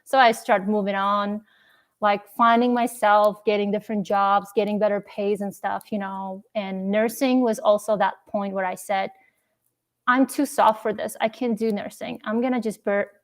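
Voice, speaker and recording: A woman's voice: medium pitch, steady tone, normal speed. A young woman from Uzbekistan, a podcast guest telling her story in a casual interview and emotionally acting out her family's words. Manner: emotional, acts out family dialogue.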